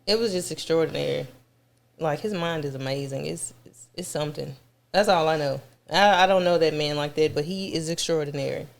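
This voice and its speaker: A guest describes her experience in casual conversation, speaking effusively and repeating words for emphasis. Her voice is low-pitched and gravelly, and she talks briskly.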